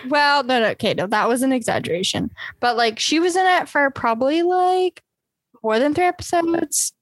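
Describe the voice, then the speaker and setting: A young woman co-hosting a podcast, chatting casually with lots of fillers and quick laughs. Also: sits high, expressive, no room sound. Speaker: podcast co-host. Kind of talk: casual chat.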